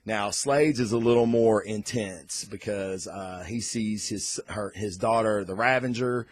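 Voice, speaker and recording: A man hosting a casual comic book unboxing and review vlog, talking in an excitable, loose way and cursing freely. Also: lowish voice, unhurried, no echo, clean studio sound.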